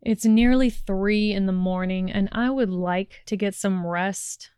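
A woman voicing a sullen, sneering young wizard in a fan fiction audiobook, slow and bored in her delivery, with a smooth, dry sound. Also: mid-range voice, darkish tone, dry recording, lightly acted. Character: sharp-tongued sneering young wizard man.

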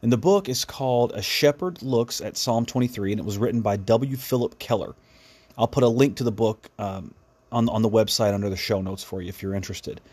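Husky-voiced man hosting a devotional podcast. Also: fairly low pitch, fairly quick, a little mellow. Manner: earnest, reflective, frequent restarts. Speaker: podcast host.

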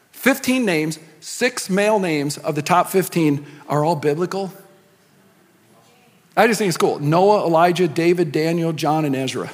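A middle-aged male pastor with a high voice preaches in a conversational, joking tone, full of asides and quips. His words ring out with a long reverb in a large church hall. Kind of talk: sermon.

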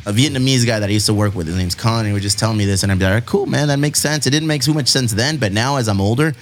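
A man's voice: fairly low pitch, rapid-fire, soft background music. A man from Southern California with a Southern Californian accent, hosting a casual podcast and answering listener questions in a laid-back, profane, rambling way. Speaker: podcast host.

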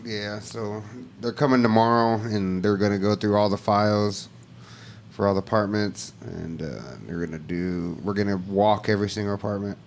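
Laid-back podcast buddy, thirties man, rough fry in the voice, low register, chuckles a lot. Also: steady tone, normal speed, a little mellow, slight background noise. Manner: laid-back, laughing, swearing. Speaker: podcast co-host. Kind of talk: casual chat.

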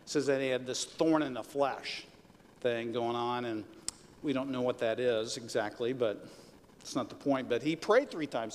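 A pastor preaching a sermon in a conversational way, rising to emphatic peaks, in a church sanctuary. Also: male voice, medium pitch, normal speed, slight background noise. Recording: long reverb of a large hall.

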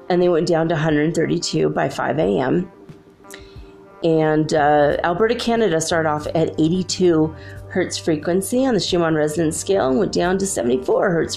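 A woman's voice: lowish voice, creaky, darkish tone. A woman vlogging casually from her room, chatty and rambling. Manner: rambling, chatty, uses "like" often. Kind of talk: casual spiritual vlog commentary. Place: her room at home, alone.

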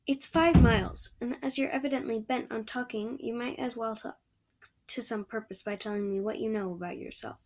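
A woman's voice: on the high side, fairly even intonation, moderate pace, a little mellow. A woman voicing a stern, dry older woman guardian who speaks curtly and bluntly. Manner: curt, blunt, matter-of-fact.

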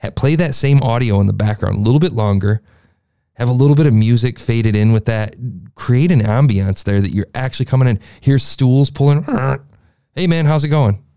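Gravelly-voiced man giving a rambling podcast review. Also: medium pitch, brisk, mellow, no room sound, studio quality. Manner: rambling, enthusiastic, talks in circles. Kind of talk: casual review commentary. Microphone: processed studio mic, beefy sound.

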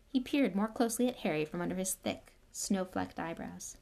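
A woman narrating a storybook with a steady, even reading. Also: fairly low pitch, normal speed, vocal fry. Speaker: audiobook reader.

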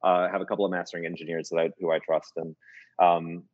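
A man with a husky, somewhat low voice spins jokey anecdotes in a relaxed interview, restarting sentences as he goes. The recording is dull and lo-fi, with a dry, close sound. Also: fast, no room sound. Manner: jokey, animated storyteller with many restarts. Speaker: music producer and voice coach. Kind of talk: casual interview storytelling.

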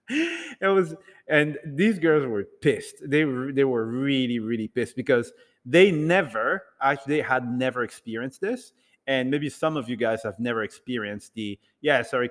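A man telling a rambling, animated story to an audience in a casual talk, acting out bits of dialogue. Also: mid-range voice, normal speed, in a large hall. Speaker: speaker addressing an audience.

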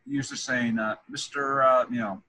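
A man's voice: medium pitch, steady tone, normal speed, pushed and bright, slight background noise, low-quality recording. A man hosting an interview, asking long rambling questions full of fillers and restarts. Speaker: podcast host interviewing a guest. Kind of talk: casual interview chat.

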